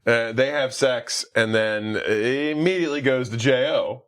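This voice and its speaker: A man's voice: mid-range voice, unhurried, crowd noise. A man chatting casually on a podcast, retelling a movie plot with lots of fillers and laughter. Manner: rambling, filler-heavy, laughs a lot while retelling scenes. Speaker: podcast co-host. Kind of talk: casual movie recap chat.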